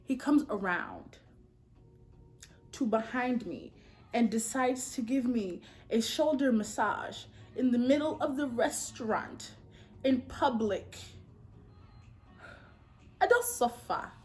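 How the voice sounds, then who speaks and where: A young woman in her twenties tells a dating story at home while she does her makeup. Her delivery is sassy and animated, and she jumps into loud, high outbursts. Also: takes it slowly, pauses often, faint music behind. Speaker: beauty vlogger.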